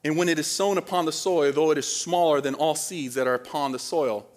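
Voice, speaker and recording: With a fairly high pitch, steady tone, and brisk delivery, this Dominican preacher gives a relaxed, conversational sermon. He often asks the crowd questions to check in.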